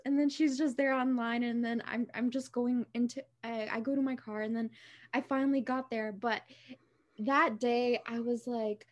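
A young woman co-hosting a podcast, telling personal stories in a lively, casual way and acting out what people said. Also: high voice, unhurried. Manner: animated, acts out quoted dialogue. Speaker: podcast co-host. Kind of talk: casual storytelling.

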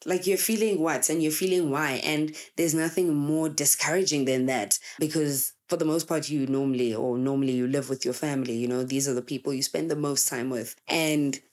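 A woman's voice: sits low, steady tone, a little fast, hardly any pauses, darkish tone. A woman in her twenties, a content creator, talking candidly and emphatically to her audience in casual chat. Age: 20s. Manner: candid and emphatic, acts out quoted people.

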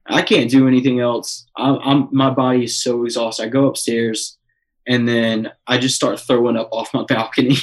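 A man's voice: mid-range voice, rough recording. A young man telling a wild story in casual chat, swearing often and filling with "like" and "um". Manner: excited, swears a lot, many fillers.

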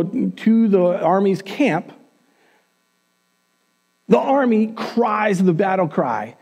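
Male pastor, conversational church sermon, high and highly animated. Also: husky. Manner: casual, conversational, humorous asides. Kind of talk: sermon storytelling.

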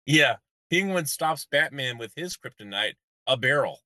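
A man co-hosts a podcast with wry asides and frequent laughter. His voice is very bright and his pitch jumps around a lot. The sound is dry and close to the mic. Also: animated, moderate pace, no room sound. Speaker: podcast co-host. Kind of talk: casual recap chat.

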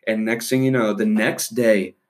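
A man's voice: on the low side, normal speed. A young man, a guest on a casual podcast, telling a story with lots of laughter and acted-out voices. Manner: animated, laughing, acts out voices in his story.

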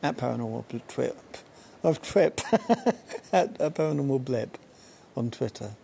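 A man's voice: mid-range voice, a little slow, vocal fry, dark tone, a little hiss or hum. A man hosting a solo podcast outdoors on a balcony, chatting casually and wandering off on tangents. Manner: rambling, jumps between tangents. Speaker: podcast host.

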